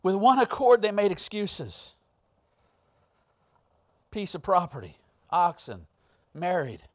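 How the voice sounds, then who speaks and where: Man, pastor, preaching, high-pitched voice, storytelling, quoted voices acted out. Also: very animated, takes it slowly. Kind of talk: sermon.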